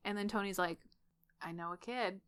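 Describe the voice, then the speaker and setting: A woman co-hosting a podcast, casually recapping a story with lively quoted dialogue and frequent laughter. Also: mid-range voice, smooth. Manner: animated retelling with quick voiced quotes and laughs. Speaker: podcast co-host. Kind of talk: casual fanfic recap chat.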